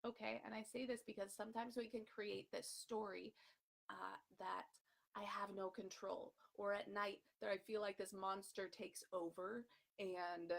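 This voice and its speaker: A bubbly woman coaching viewers in a casual live video, chatty and upbeat with plenty of fillers. Her voice sits at an ordinary middle pitch. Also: creaky. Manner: bubbly, chatty, laughs often, many fillers. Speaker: health coach.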